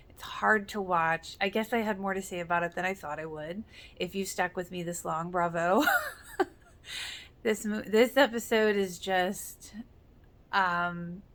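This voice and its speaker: A woman's voice: mid-range voice, a bit bright. A woman giving casual reaction commentary, earnest and emotional, with many fillers. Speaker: reaction video host.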